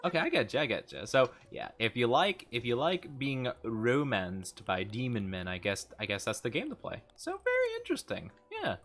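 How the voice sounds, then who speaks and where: Lively young man chatting on stream. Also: mid-range voice, normal speed, hardly any pauses. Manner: upbeat, chatty, greets viewers, often laughs. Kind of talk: casual live-stream chat.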